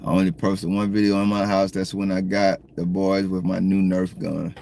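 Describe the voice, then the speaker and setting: Gravelly Southern American man chatting on a livestream. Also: low-pitched, monotone, moderate pace, a little mellow, slight background noise. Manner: laid-back, joking, talks straight to viewers. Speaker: livestream host. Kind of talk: casual livestream chat reading comments. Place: parked car.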